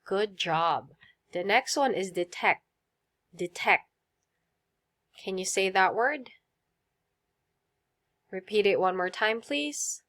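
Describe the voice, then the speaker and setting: Slow, patient woman teaching vocabulary. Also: medium pitch, fairly bright tone. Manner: slow, clear drills with repeat prompts and praise. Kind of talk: vocabulary lesson for kids.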